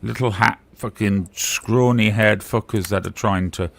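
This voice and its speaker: A man's voice: on the low side, steady tone, unhurried, vocal fry, no echo. A man calling into a livestream chat, blunt and teasing, swearing freely as he argues his point. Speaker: guest caller on a livestream. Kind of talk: casual argumentative chat.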